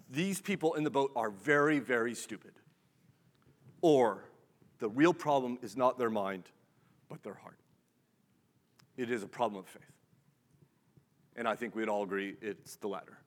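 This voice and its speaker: A man's voice: medium pitch, moderate pace, long pauses, fairly bright tone, in a large hall. A man preaching a sermon as pastor, conversational, asking rhetorical questions and checking in with the listeners.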